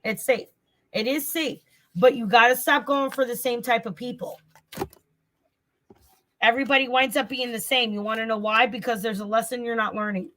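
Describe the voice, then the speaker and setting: A chatty woman with a Southern US accent hosts a casual tarot livestream, talking straight to her viewers and circling back over her words. Her voice sits on the higher side. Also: fairly even intonation, normal speed, fairly bright tone, slight background noise. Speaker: tarot reader and channel host.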